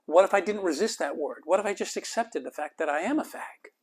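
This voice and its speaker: Male host, slightly higher voice, heartfelt reflective storytelling, drifts into soft near-whispers. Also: lively intonation, a little fast, slightly rough. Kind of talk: personal storytelling monologue.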